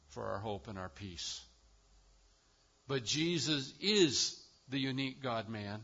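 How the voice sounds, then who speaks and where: A man's voice: mid-range voice, bright, forceful tone, highs cut off. A man preaching a sermon as pastor, with an emphatic cadence that rises and falls.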